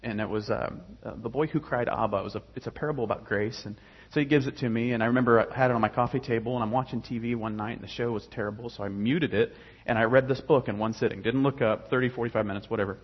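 Husky man rambling through a testimony. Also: medium pitch, fairly even intonation, fast, few pauses, dull audio. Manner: rambling, many fillers and restarts. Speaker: guest telling his faith story. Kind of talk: casual personal testimony.

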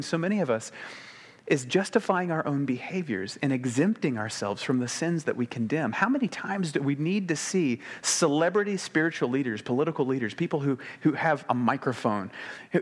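A man preaching a sermon in a conversational way, slowing to quiet emphasis and then speeding up when animated. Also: a little high. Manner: conversational, shifts between slow quiet emphasis and quick animated delivery.

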